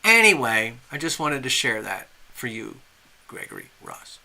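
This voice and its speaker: A man's voice: mid-range voice, big pitch swings, normal speed, gravelly, sharp tone. A man doing tarot readings on a live stream, telling a story in a chatty, rambling way with restarts and asides. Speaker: tarot reader.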